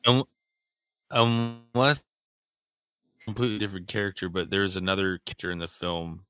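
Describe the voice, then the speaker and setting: Very deep, bright-toned rambling interviewer. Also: male voice, steady tone, normal speed, clear, resonant tone, no room sound. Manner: rambling, hesitant, laughs often. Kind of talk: casual interview.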